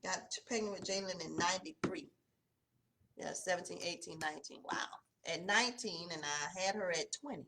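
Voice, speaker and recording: Mulher sulista animada, voz brilhante. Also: female voice, moderate pace, slight background noise. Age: 40s. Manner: conversational, animated, voice drops low and soft in emotional stretches. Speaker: host of a morning devotional. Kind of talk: personal testimony, casual.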